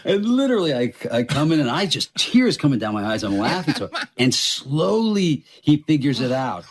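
A man's voice: on the high side, moderate pace. A man tells a funny story with a lot of swing in his voice, breaking into laughter as he goes. Faint noise sits under the recording. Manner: animated storyteller, laughing through it. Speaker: actor telling a story in an archive clip. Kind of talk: comic anecdote.

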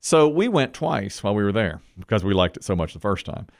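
Man telling a story on a talk show, lively swooping pitch, dry close sound. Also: fairly quick, vocal fry, dry recording. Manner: animated storyteller, laughs often.

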